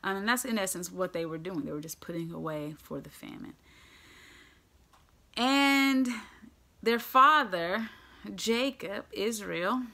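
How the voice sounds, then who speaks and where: A woman preaching, telling the story in an animated, conversational way. Her voice is bright and forceful, and she slips into the characters' lines as she goes. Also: mid-range voice, unhurried, creaky, pauses often. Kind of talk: sermon storytelling.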